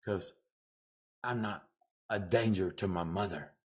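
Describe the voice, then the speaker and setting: A man ranting angrily to the camera in a profane, confrontational way, repeating himself with loud outbursts. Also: sits low, measured pace.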